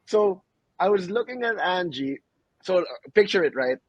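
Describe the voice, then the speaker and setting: A young man co-hosting a casual podcast, his voice a little husky and sitting somewhat high. He tells animated stories in a mix of English and Tagalog slang, laughing often. The sound is dry and close to the mic. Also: moderate pace, no room sound, highs cut off. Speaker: podcast co-host. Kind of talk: casual chat.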